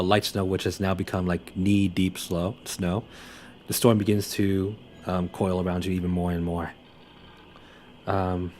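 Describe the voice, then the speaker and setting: A man's voice: low voice, darkish tone, slight background noise. A young man running a tabletop game as game master, narrating loosely with many fillers and restarts.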